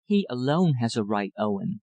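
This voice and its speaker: A man voicing a pale, trembling young woman who speaks in a low, pained voice. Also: sing-song, normal speed, dark tone, dry recording.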